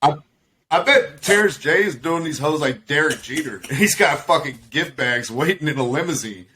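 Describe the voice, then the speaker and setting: A man's voice: on the high side, expressive, moderate pace, pushed and bright, a little hiss or hum. A man co-hosting a podcast on a video call, riffing on sports in a joking, profane way and laughing often. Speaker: podcast co-host. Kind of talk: casual sports chat.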